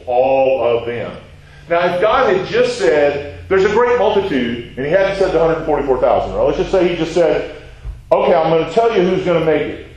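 Man teaching scripture in a very echoey room. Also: a little high. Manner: conversational, asks questions and answers them. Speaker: Bible teacher. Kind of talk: verse-by-verse Bible teaching.

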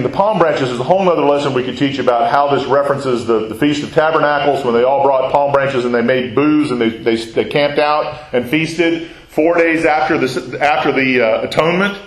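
A man teaching a Bible class in a conversational way, asking questions and answering them himself. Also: on the high side. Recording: very echoey room.

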